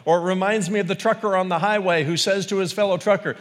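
A man preaching a sermon, animated, swinging between loud exclamations and quiet, quick asides. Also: sits high. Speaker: pastor. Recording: long reverb of a large hall.

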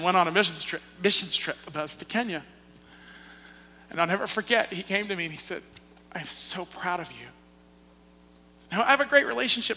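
A man's voice: sits high, sharp tone, long reverb tail. A man preaching a sermon as pastor, telling stories with restarts and repeated phrases.

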